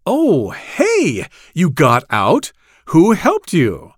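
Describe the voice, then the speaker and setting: A man voicing a lazy, carefree male grasshopper in a storybook, loud, breezy and offhand. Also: a little high, wildly swooping pitch, extremely slow, husky, dry recording, clean studio sound, exaggerated voice.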